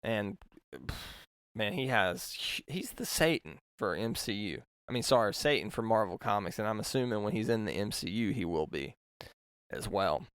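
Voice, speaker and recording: A man's voice: lowish voice, lively intonation, moderate pace, a bit bright, clear, resonant tone, no echo, studio quality. Passionate man ranting on his podcast. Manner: passionate, rambling with self-corrections. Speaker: podcast host. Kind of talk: opinionated review monologue.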